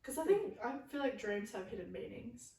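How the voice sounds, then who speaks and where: A young woman co-hosting a casual podcast, talking in quick chatty bursts. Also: fairly high pitch, sing-song, creaky, a little mellow, slight background noise. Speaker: podcast co-host. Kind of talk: casual chat. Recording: echoey room, far from mic.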